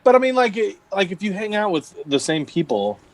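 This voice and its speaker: A man's voice: high-pitched, very animated, brisk, no echo. A man co-hosting a casual podcast, laid-back and casually swearing. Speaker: podcast co-host. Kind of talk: casual chat.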